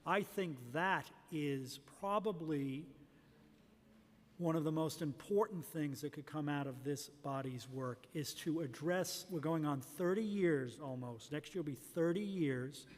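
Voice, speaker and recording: A man's voice: a little high, a little slow. A middle-aged man, a commission member, making long earnest remarks at a public hearing. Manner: rambling, earnest, long run-on sentences. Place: large city hall hearing room. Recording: reverberant hall.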